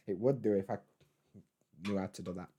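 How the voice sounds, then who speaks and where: A man's voice: fairly low pitch, steady tone, moderate pace, mellow, a little hiss or hum. Laid-back man streaming. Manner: laid-back, rambling, swears freely. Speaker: YouTuber hosting a live stream. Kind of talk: casual live-stream chat reading comments.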